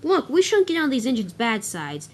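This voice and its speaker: A cheeky male dump truck from a toy-train story, whiny and impertinent but wary of trouble, as a woman plays him. His voice is high and bounces around. He grumbles about unfair work. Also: wildly swooping pitch, normal speed, slight background noise.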